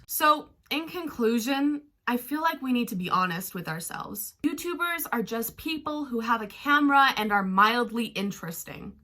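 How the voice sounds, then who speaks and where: A woman's voice: high-pitched, bright, forceful tone. A woman hosting a commentary vlog, talking in a blunt, sarcastic tone and swearing freely. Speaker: commentary YouTuber.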